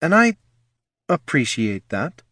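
A man's voice: mid-range voice, lively intonation, normal speed, a bit bright, no echo, clean studio sound, pitched above the performer's own voice. A man voicing a proud, angry young female sun mage, talking in a cold, clipped, scornful way.

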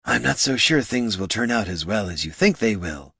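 A doubtful male businessman speaks in subdued tones, as a man plays him. The voice is low, soft and gravelly. It is heard dry and close, in a storybook. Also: lively intonation, moderate pace, no room sound, exaggerated voice.

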